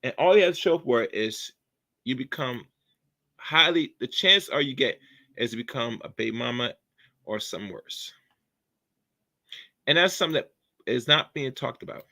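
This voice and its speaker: Bright-voiced man rambling commentary. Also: mid-range voice, lively intonation, normal speed, long pauses. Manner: rambling, preachy, filler-heavy delivery. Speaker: commentary channel host. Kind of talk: casual opinion commentary.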